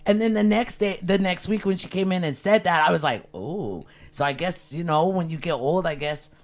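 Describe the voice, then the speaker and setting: A woman's voice: lowish voice, moderate pace. A woman in her fifties, a podcast co-host, telling stories in casual chat and swearing freely. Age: 50s. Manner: animated storyteller, swears freely.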